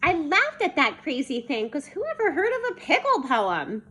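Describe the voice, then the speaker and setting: A woman voicing a chirpy, excitable young schoolgirl who tells the story. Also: high-pitched, moderate pace, pitched above the performer's own voice, heavily acted. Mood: gleeful.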